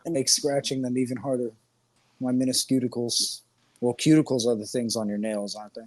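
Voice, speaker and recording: A man's voice: mid-range voice, flat delivery, a little fast, darkish tone. A man co-hosting a podcast, talking in a rambling, profane, joking way and laughing often. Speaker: podcast co-host. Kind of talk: crude casual chat.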